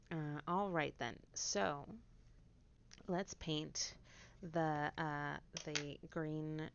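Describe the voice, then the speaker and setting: A low, gravelly woman's voice chats easily with her stream as she paints, dropping now and then into hushed whispers. The sound is dull and lo-fi. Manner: chatty, drifts into soft whispers while concentrating. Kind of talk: casual livestream chat while painting.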